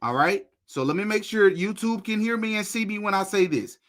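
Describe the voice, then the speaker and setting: Male podcast host, high bright voice, animated and direct with the audience. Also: a little fast. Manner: animated, talks to viewers directly, repeats phrases while searching. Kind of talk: casual commentary while reacting to a video.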